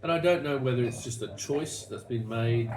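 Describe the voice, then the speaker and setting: A man's voice: mid-range voice, moderate pace. A man with an Australian accent hosting a casual wine-tasting chat, rambling through stories with many restarts. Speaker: wine show host. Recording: echoey room, distant mic, noisy.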